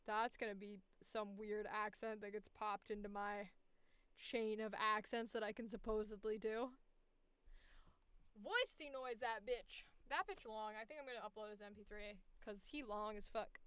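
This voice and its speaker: A woman's voice: medium pitch, fairly bright tone, clear, resonant tone, no echo. A young woman voice actor streaming casually, profane and self-mocking, muttering to herself at a close mic. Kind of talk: casual live-stream chat.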